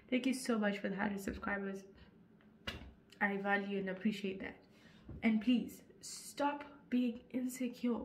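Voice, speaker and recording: A young woman with a Zimbabwean accent speaks in a higher, unhurried voice over slight background noise. She's a YouTuber giving a motivational vlog talk on insecurity, earnest and preachy at first, then building to forceful urging.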